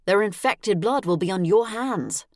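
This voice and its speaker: A man's voice: high-pitched, animated, a little slow, dry recording, clean studio sound, pitched above the performer's own voice. A woman voicing an urgent male wizard colleague who insists and presses his point in a storybook reading. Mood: insistent.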